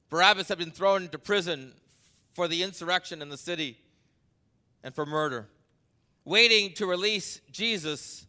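A man preaching a sermon as pastor, talking conversationally through an anecdote, building to emphatic peaks and then dropping low. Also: fairly quick, sharp tone.

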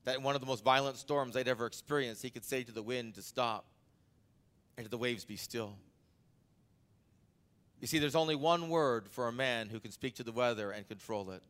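A man preaching as pastor talks fairly quickly, his voice a bit bright. Sharing an anecdote conversationally, he builds to emphatic heights and then drops low.

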